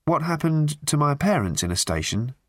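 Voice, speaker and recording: A man putting on a playful young woman in a storybook reading, teasing and light. Her voice sits a little higher and moves with lively inflection, recorded close and dry. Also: normal speed, dry recording.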